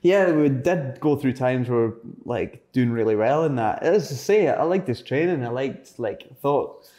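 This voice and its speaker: A young Scottish man chatting in an interview, his voice sitting at an ordinary middle pitch. He tells his stories in a loose, rambling way, full of fillers and quick self-corrections. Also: animated, dark tone. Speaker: interview guest, footballer. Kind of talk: casual storytelling chat.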